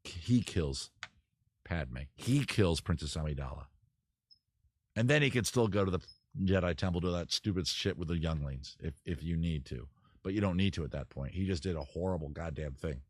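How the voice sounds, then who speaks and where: A man hosting a casual livestream, talking in a rambling, self-interrupting way, swearing and acting out scenes in quick put-on voices. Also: low-pitched, breathy edge, no room sound. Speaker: livestream host. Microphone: camera mic.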